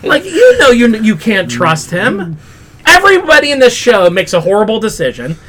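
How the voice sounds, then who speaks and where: A young man with a fairly high-pitched voice hosts a casual pop culture podcast. He recaps what he watched in an animated, exasperated way, peppering his talk with "like" and profanity. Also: moderate pace. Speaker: podcast host.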